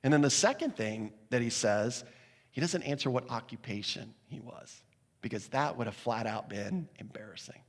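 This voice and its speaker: A man delivers a sermon at a medium pitch, moving between explanation and playful retellings of the characters. His voice rings out with a long reverb in a large church space. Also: normal speed. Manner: animated, acts out the sailors' voices with laughs. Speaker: pastor. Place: church sanctuary.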